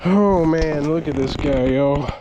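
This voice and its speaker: A man, excitedly narrating his own fishing vlog from a kayak on a river at night, often exclaiming and laughing. He is recorded on an action camera. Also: fairly high pitch, slow pace, background noise. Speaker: fishing vlogger. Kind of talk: excited outdoor vlog commentary.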